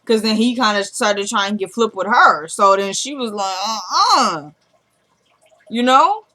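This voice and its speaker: A woman's voice: medium pitch, steady tone, moderate pace. Chatty woman recapping a TV episode. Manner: retells dialogue, dropping to a quieter voice for quoted characters; chatty, loose, with frequent asides to viewers. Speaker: vlogger recapping a TV drama episode. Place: at home.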